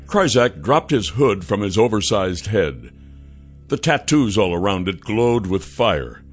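A man narrating a fantasy audiobook in a measured storytelling manner. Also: fairly low pitch, sing-song, soft background music.

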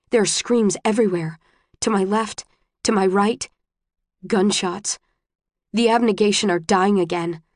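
A woman narrating a novel in the first person, subdued and measured, recorded on a close studio mic. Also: mid-range voice, dry recording. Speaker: audiobook narrator.

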